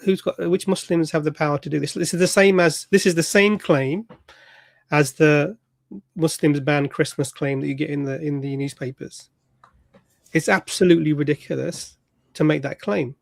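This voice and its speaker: A man hosting an online panel, emphatic as he explains his point. His voice is fairly high, and the sound is dry and close. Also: steady tone, moderate pace, vocal fry, no echo.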